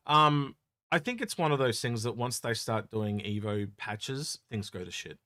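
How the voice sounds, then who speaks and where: A man co-hosting a casual game Q&A chat, rambling and animated as he talks things through. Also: mid-range voice, normal speed, dry recording, clean studio sound. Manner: rambling, animated, laughs easily. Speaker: co-host of a game Q&A show.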